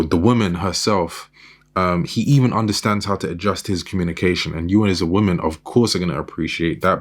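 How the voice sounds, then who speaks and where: A man talking through dating advice in a casual monologue, with frequent "you know" and "right?" asides. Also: low-pitched.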